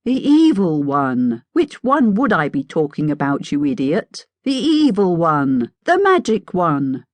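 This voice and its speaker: A woman's voice: on the low side, huge pitch swings, unhurried, dry recording. A woman voicing a mad, sing-songy male hatter with an unhinged, wheedling manner in an audiobook. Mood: frantic insistent. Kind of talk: audiobook character voice.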